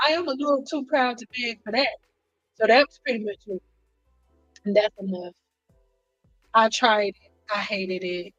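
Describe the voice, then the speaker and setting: A woman hairstylist telling stories in a casual vlog, animated and acting out what people said. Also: fairly high pitch, normal speed, long pauses, no room sound. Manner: animated, acts out quotes, frequent "like". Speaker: hairstylist vlogger. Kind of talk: casual storytelling to camera. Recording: dull lo-fi sound with faint music behind.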